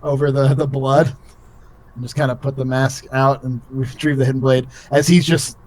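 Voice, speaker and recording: A man's voice: mid-range voice, level tone, normal speed, darkish tone. Casual young man running a tabletop game. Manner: casual, rambling, full of fillers. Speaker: game master.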